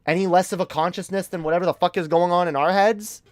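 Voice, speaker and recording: Smooth-voiced man ranting on stream. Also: high-pitched, fairly even intonation, fast talker, no room sound. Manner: emphatic, profane, repeats words when worked up. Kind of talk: casual commentary rant.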